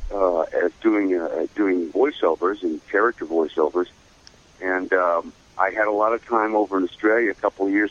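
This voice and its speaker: An older man, a voice actor, telling career stories in a casual interview, animated and slipping into voices. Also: low voice, dull audio. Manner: animated storyteller who slips into voices. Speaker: voice actor guest.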